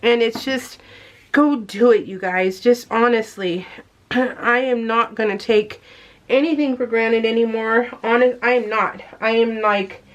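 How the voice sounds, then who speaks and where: A woman's voice: fairly high pitch, unhurried. A woman in her forties talking earnestly to her viewers in a rambling, heartfelt way, often calling them "you guys". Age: 40s. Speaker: scrapbooking vlogger. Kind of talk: emotional casual talk to camera.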